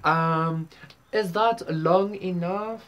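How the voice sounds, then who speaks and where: A woman's voice: on the low side, very slow. A woman doing a casual tarot reading, rambling with many fillers and casual swearing. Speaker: tarot reader. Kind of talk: casual spiritual reading to camera.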